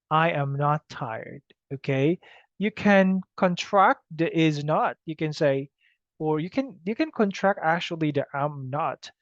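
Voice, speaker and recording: A man's voice: on the high side, no room sound. A man teaching an English grammar lesson, speaking patiently and often checking in with "okay?" on a dull, dry recording. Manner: slow, patient, repeats "okay?" to check understanding.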